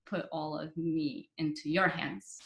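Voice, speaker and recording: A woman's voice: low-pitched, fairly even intonation, unhurried. Chatty young woman in an echoey room. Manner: chatty, many fillers like "like" and "you know", quotes others in dialogue. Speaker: podcast guest. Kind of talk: casual storytelling interview. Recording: roomy echo.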